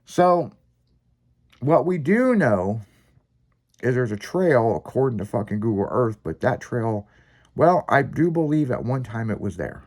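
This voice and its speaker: A man hosting a podcast, telling a long story in casual, profanity-laced chat with lively, rambling delivery. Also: mid-range voice, a little slow. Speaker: podcast host.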